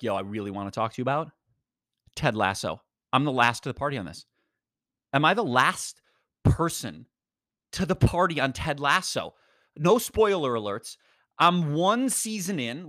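Lively, animated male podcast host. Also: mid-range voice, dry recording, clean studio sound. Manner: energetic, rambling, slangy. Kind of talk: casual motivational monologue.

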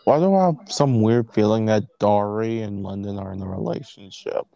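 A man's voice: on the low side, moderate pace, vocal fry, mellow, lo-fi sound, faint music behind. A man playing a tabletop role-play game, narrating and teasing his co-player in a playful way.

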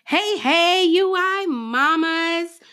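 A woman's voice: very high voice, animated, extremely slow, pushed and bright. A woman co-hosting a casual talk show, sassy and emphatic. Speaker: podcast co-host. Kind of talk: casual chat.

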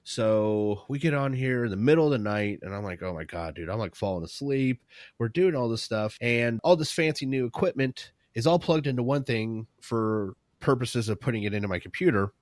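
A man's voice: medium pitch, moderate pace, hardly any pauses, no room sound, clean studio sound. A man co-hosting a podcast in casual chat, swearing freely and poking fun at himself. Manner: profane, self-deprecating. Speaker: podcast co-host.

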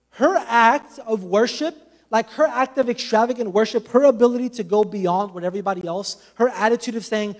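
A man's voice: very high-pitched, moderate pace. A man preaching a sermon with passion, speaking conversationally and adding many casual asides.

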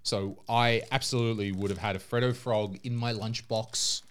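A man's voice: fairly low pitch, fairly even intonation, moderate pace, a bit bright, clean tone. A young Australian man with an Australian accent, co-hosting a podcast in casual chat, joking and swearing freely. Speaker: podcast co-host.

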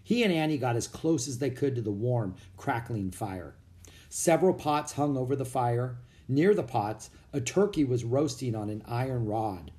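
A man reading a children's book aloud as narrator, with expressive storytelling. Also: medium pitch, normal speed. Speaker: audiobook narrator.

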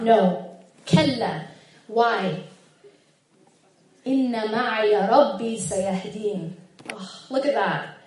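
A woman delivers a religious lecture to a live audience, her voice pitched high. She is emphatic, circles back to her key points and keeps checking that listeners follow. The sound rings with heavy hall echo. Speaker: religious speaker. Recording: very echoey hall.

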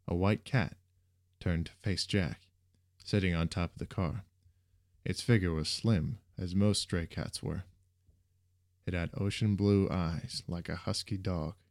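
A man narrating a story in a steady, even reading voice. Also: deep voice, no room sound, studio quality.

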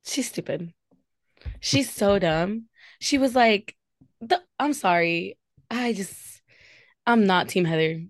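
A woman's voice: mid-range voice, animated, slow, pauses often, no room sound, studio quality. A young woman co-hosting a casual reality TV recap, sassy and opinionated, laughing often. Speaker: podcast co-host.

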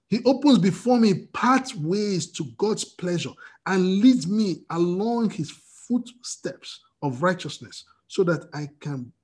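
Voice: mid-range voice, breathy edge. A preacher giving an emotional, fervent sermon, often restarting phrases.

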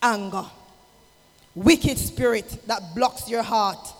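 High-voiced preacher in a reverberant hall. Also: male voice, slow. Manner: swings from shouted exhortation to low, intimate asides. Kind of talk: impassioned sermon. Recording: long hall reverb with music behind.

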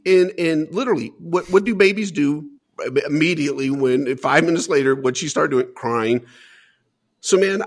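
A man's voice: mid-range voice, vocal fry. A man as an interview guest, earnestly telling a personal story and often repeating words as he searches for them.

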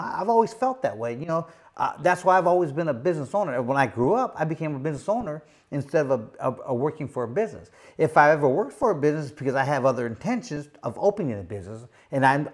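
A man's voice: on the high side, lively intonation, quick pace. A man, a former boxing champion, telling a long casual story, full of "you know" and repeated "he goes". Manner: rambling, many fillers and repeated "he goes".

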